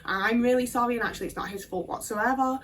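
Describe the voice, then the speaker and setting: A woman's voice: fairly high pitch, quick pace, fairly bright tone. Woman, candid storytime, blunt and emotional, distant mic, faint background hum. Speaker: video creator.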